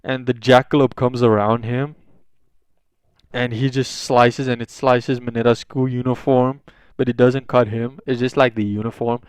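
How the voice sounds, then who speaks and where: A man's voice: medium pitch, little pitch movement, normal speed, clean tone, no echo. A young man casually improvising a fan fiction story, rambling with lots of swearing and fillers.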